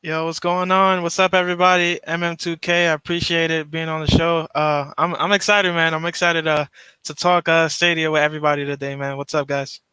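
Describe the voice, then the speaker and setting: Bright, crisp-voiced male podcast guest. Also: a little high, little pitch movement, fairly quick, no echo. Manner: hesitant, many fillers and repeated words. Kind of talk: casual podcast chat.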